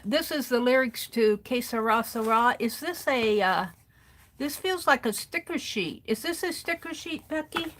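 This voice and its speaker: A woman whose fairly bright voice sits on the high side greets viewers by name on her craft livestream. At her home craft desk, she sorts supplies while chatting casually and thinking aloud.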